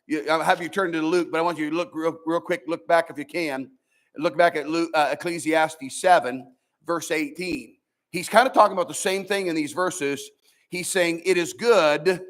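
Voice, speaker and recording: A man preaching a Sunday school sermon as pastor, talking plainly, swinging between loud emphatic rises and soft drops. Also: on the high side.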